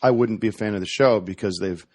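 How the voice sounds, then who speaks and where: A man in casual podcast chat, retelling a story with many restarts and quick corrections. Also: lowish voice, darkish tone. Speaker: podcast guest.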